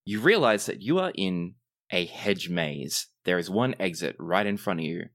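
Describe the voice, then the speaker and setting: A man running a tabletop game as game master, narrating scenes in a measured, descriptive way. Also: deep voice, animated, fairly bright tone.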